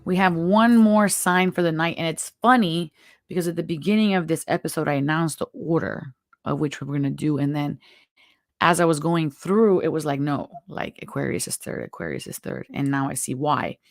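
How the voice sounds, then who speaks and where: Host of a live tarot stream: gravelly, close and dry, throat worn out, chatty and encouraging. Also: medium pitch, normal speed, no echo. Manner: chatty, encouraging, spiritual advice. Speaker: tarot reader and show host.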